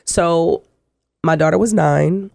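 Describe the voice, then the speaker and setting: A middle-aged woman, a guest telling her life story in an interview, animated and acting out the voices in her quotes. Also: lowish voice, slow pace, vocal fry, no echo, clean studio sound.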